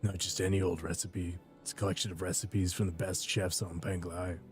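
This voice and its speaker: A man's voice: little pitch movement, a little fast, faint music behind, close to an everyday voice. A man voicing a grim, weary adult warrior hero who speaks curtly and dryly. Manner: low, quiet, dry and curt.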